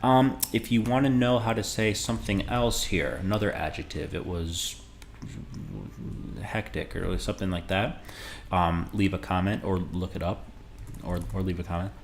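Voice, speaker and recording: A man teaching Spanish in a relaxed, conversational video lesson, modeling phrases slowly for beginners. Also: low voice, slight background noise.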